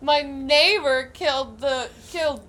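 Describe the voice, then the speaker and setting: A woman's voice: high voice, a little slow. A young woman co-hosting a podcast, telling stories in casual chat, laughing and swearing as she goes. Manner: laughing, animated storytelling with swearing. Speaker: podcast co-host.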